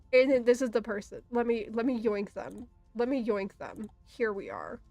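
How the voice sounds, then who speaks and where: A woman's voice: a little high, sing-song, measured pace, darkish tone, dry recording, faint music behind. A young woman chatting casually while drawing, telling a story with lots of swearing and frequent laughter. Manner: profane, laughing often, storytelling. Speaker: artist streamer.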